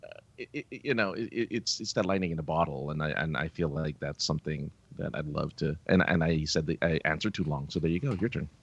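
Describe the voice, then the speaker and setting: A man co-hosting a podcast in casual chat, animated and laughing often, with lots of fillers. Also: rumbling low, fast talker, gravelly, husky, lo-fi sound. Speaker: podcast co-host.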